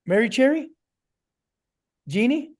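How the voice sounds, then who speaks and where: A man in his forties, a network marketing trainer, tells stories and speaks straight to his group in an animated way over a video call. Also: extremely high pitch, slow. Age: 40s. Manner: animated storyteller, addresses listeners directly. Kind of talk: motivational storytelling talk to a group.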